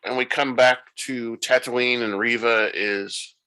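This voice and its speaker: A man's voice: medium pitch, steady tone, slow, pushed and bright, clear, resonant tone, rough recording. A man hosting a podcast, retelling the plot loosely in a casual recap and thinking aloud as he goes. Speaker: podcast host.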